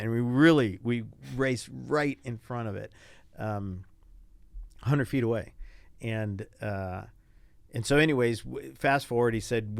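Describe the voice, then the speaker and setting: Older male guest, gravelly and low, storyteller who acts out quoted voices, dry close mic. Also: unhurried, no room sound. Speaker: guest, retired Navy pilot. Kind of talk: casual interview storytelling.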